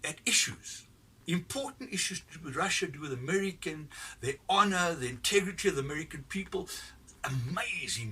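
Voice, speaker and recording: A man rants his opinions bluntly and profanely, rambling and restarting as he goes. His voice is bright and sits a little high, and his pitch swings widely. He sounds somewhat distant from the mic, with faint ambient noise behind him. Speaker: commentator giving his opinion. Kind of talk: unscripted opinion rant.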